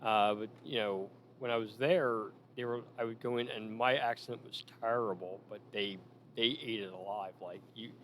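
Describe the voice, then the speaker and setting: A man telling stories casually about managing in wrestling, animated and full of quoted lines. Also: lowish voice, moderate pace, slight background noise. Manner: animated anecdotes with acted quotes. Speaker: former wrestling manager, guest. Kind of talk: casual storytelling.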